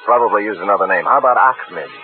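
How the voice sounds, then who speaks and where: A hard-boiled, wisecracking private eye, played by a man in a 1950s radio drama, narrating with dry humor. His voice sits a little low and comes over a tinny old radio broadcast with loud music. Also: quick pace, natural voice.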